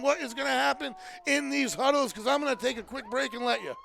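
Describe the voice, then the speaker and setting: A man calling a high school football game live as play-by-play announcer, often shouting with excitement over the plays. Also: brisk, vocal fry, few pauses, a little hiss or hum. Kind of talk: live sports commentary.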